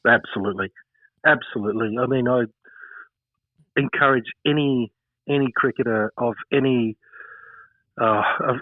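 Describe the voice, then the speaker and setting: A man's voice: mid-range voice, dry recording, narrow, tinny audio. A man in his fifties with an Australian accent, a former cricketer telling stories in an interview, rambling with many fillers. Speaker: former cricketer, podcast guest. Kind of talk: casual interview storytelling.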